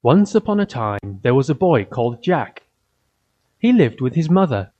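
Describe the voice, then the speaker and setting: A man reading a simple fairy tale aloud for children, in an even storytelling way. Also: mid-range voice. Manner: slow, simple, evenly paced storytelling. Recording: dull lo-fi recording.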